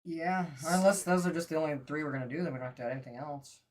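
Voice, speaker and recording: A woman with an unusually deep voice co-hosts a live show. She chats casually, teases her partner and laughs often. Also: racing, darkish tone. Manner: laid-back, teasing, laughs a lot. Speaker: livestream co-host.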